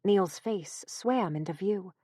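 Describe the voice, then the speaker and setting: A woman reading a horror audiobook in a measured, even storytelling manner, close to the mic. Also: medium pitch, no room sound. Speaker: audiobook narrator. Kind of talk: scripted narration.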